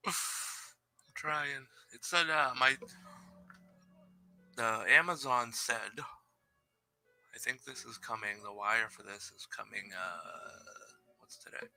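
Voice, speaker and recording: A man's voice: medium pitch, takes it slowly, creaky, long pauses, pushed and bright, soft background music. A man hosting a live stream, chatting loosely and reading scary stories aloud into a headset mic, joking at his own expense. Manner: loose, chatty and self-deprecating, laughs often. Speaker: live show host.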